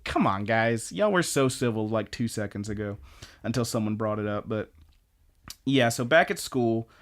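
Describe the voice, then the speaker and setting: Recapping anime on the podcast he co-hosts, this man speaks at an ordinary pace in a voice on the low side. His retelling is lively and story-driven, with the occasional swear word.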